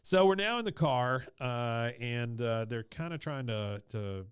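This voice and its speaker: Clear-voiced man recapping a cartoon episode. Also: medium pitch, lively intonation, a little slow, no room sound, clean studio sound. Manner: retelling scenes, quoting lines with laughs. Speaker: podcast co-host.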